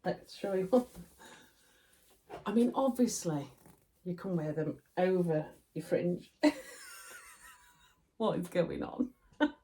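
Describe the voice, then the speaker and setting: A woman's voice: lowish voice, lively intonation, takes it slowly, pauses often, warm tone. A woman with a Yorkshire accent giving a chatty, laughing sewing tutorial from her home sewing room. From Yorkshire, England. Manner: chatty, self-deprecating, laughs often.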